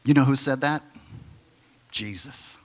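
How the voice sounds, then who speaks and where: A male pastor preaching a sermon, emphatic and conversational, who sometimes drops to a soft near-whisper on key phrases. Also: medium pitch, a little slow. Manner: direct, conversational asides to the congregation.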